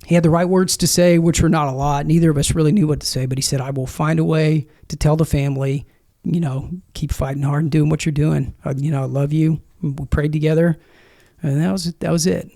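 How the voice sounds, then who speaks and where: A man in his thirties, a former Marine, speaking as a podcast guest in an earnest, reflective way, with frequent pauses and restarts. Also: a little high, steady tone, vocal fry, mellow. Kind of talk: conversational interview storytelling.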